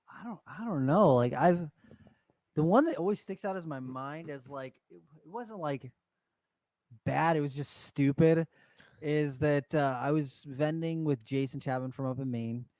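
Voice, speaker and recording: A man co-hosting a podcast in casual chat, an animated storyteller who acts out the people in his stories. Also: a little high, measured pace, pauses often, no room sound. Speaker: podcast co-host.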